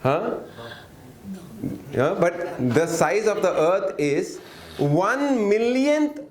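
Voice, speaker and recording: A man with a high, very animated voice draws out his words while teaching an interactive workshop lesson. He keeps asking the audience questions, waits for their answers, and coaxes them along. The room has noticeable echo.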